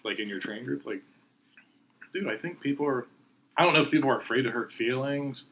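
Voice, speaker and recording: A man's voice: medium pitch, a little fast, a bit bright. A man hosting a podcast, chatting casually and laughing as he retells gym stories. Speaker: podcast host. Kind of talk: casual chat.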